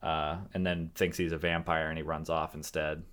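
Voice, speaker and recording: A man's voice: very deep voice, little pitch movement, moderate pace, a bit bright. A young man chatting casually about a film he rewatched, rambling with lots of fillers and restarts. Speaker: podcast co-host discussing a film. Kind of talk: casual chat.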